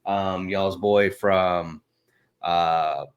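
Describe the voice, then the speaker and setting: Deep-voiced man trash-talking sports. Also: fairly even intonation, extremely slow. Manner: blunt, trash-talking, drawling with fillers. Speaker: podcast co-host. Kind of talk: casual sports chat.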